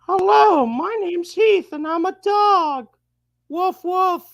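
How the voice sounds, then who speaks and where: A man's voice: slow, a bit bright, no echo, clean studio sound, full character voice. A man on a live stream putting on a voice as a talking dog, barking playfully. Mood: goofy. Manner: silly high squeaky put-on voice. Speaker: stream guest.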